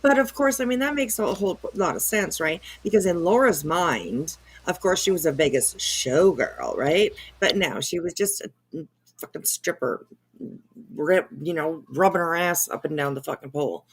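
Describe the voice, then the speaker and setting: Low-voiced woman, mocking gossip. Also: lively intonation, moderate pace, husky. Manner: mocking, drawls, often trails into soft whispers. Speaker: commentary channel host. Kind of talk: gossip commentary chat.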